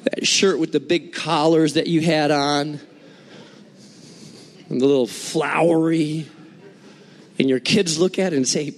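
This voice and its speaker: A man preaching a sermon, explaining scripture and telling lively, humorous stories from his own life. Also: on the high side, unhurried, pauses often, in a large hall. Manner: animated storytelling with humor. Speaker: pastor.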